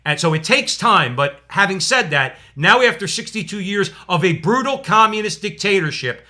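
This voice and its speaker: A man's voice: sits high, expressive, normal speed, bright, forceful tone. A man co-hosting a political talk show, speaking emphatically and repeating words for stress. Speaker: podcast co-host. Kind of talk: political commentary.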